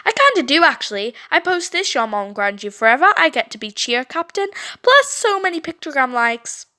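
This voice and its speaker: Woman putting on a bratty cheerleader bully, sing-songy and high, taunting and smug. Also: very animated, a little fast, bright, forceful tone, exaggerated voice. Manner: mocking, sing-song and smug. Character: spiteful teenage girl, a cheerleader bully.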